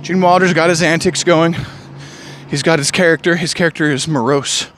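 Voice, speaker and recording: A man's voice: on the high side, fairly even intonation, normal speed, a bit bright, slight background noise. A man talking alone to camera in a rambling, reflective monologue, sighing often as he drifts between stories and feelings. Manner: musing, digressive, sighs often. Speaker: vlogger.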